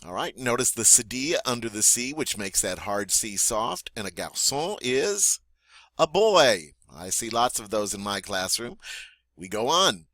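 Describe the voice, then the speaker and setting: Slow-paced, bright-voiced male French teacher. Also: mid-range voice, animated, dry recording. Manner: slow, deliberate model pronunciation with pauses for repeating; friendly, encouraging teacher tone. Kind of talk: vocabulary lesson for learners.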